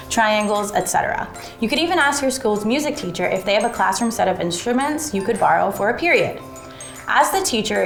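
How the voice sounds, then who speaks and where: A woman walks through a classroom lesson in a clear, methodical teaching voice of middle pitch. Her voice rings a little in an echoey room. Faint music plays behind her. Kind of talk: instructional lesson narration.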